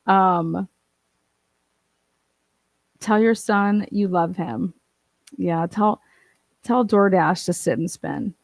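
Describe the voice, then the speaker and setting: A woman's voice: on the low side, drawn-out words, vocal fry, long pauses, no room sound. Chatty, swearing woman on a livestream. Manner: chatty, swearing, laughing often. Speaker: livestream host reading chat. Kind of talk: casual livestream chat.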